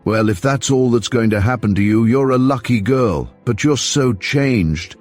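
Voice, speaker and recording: A man's voice: mid-range voice, a little slow, a little mellow, soft background music, voice pushed up, natural voice. A man voicing a cold, sneering young swindler in an audiobook reading. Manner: sneering, rough. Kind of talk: audiobook character voice.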